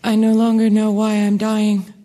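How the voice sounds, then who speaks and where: A young woman playing a frightened young woman facing death in a radio drama, soft and halting. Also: medium pitch, completely flat delivery, big-room sound, close to an everyday voice. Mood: resigned.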